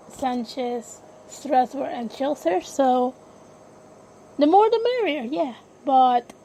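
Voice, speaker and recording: A woman's voice: sits high, warm tone, poor audio. A woman hosting a casual sports podcast, talking hesitantly, correcting herself and apologizing often. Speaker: podcast host.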